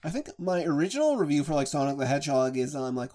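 A man's voice: a little high, sing-song, quick pace, few pauses, dark tone. A man hosting a podcast, talking casually and reflectively about movie performances. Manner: chatty, reflective film reviewer. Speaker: podcast host.

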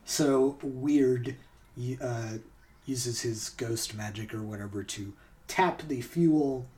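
A man hosts a podcast in a loose, chatty way, laughing often and filling his talk with ums and restarts. His voice sits in a middle pitch and sounds a little distant from the microphone. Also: slow, mellow. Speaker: podcast host. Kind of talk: casual podcast chat.

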